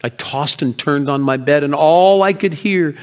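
A man's voice: on the high side, a little slow, natural voice. A man playing a grieving proud shepherd. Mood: earnest. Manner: emotional storytelling, drops to hushed tones. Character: grieving proud male shepherd of ancient Bethlehem. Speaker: actor in a dramatic monologue. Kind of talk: first-person biblical character monologue.

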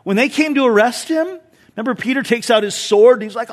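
A male pastor preaches a sermon at a fairly quick pace, conversational and animated. He uses rhetorical questions and light humor, swinging between loud emphasis and soft, low asides.

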